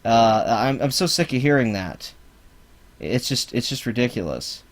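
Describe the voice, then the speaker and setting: A man's voice: medium pitch, lively intonation, unhurried. A man hosting a live-stream reaction, ranting sarcastically with heavy swearing. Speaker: channel host.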